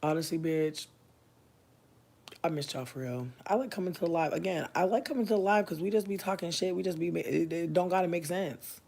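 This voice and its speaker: Loud profane woman in her thirties. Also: lowish voice, a little fast, vocal fry. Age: 30s. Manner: loud, profane, laughing, talks to chat. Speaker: livestream host. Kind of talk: casual livestream chat with viewers.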